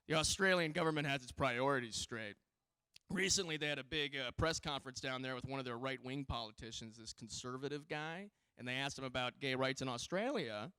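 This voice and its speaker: Loose, profane stand-up comic. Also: male voice, fairly high pitch, bright, forceful tone, clear, resonant tone, dry recording, clean studio sound. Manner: loose, profane and rambling, with frequent filler restarts. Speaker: stand-up comedian. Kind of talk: stand-up comedy set. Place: live comedy stage.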